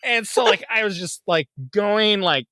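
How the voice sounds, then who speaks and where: A man in his thirties co-hosting a podcast, telling a story in casual chat, animated and swearing often, jumping into loud, high voices when he quotes people. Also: unhurried, clear, resonant tone, no echo, clean studio sound. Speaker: podcast co-host.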